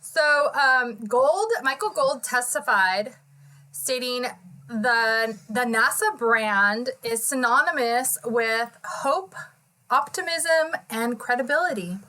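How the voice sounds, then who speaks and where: Bright, high-voiced woman podcast host. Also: slow pace, rough recording. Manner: chatty, self-correcting, frequent "like". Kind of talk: casual chat recapping a hearing.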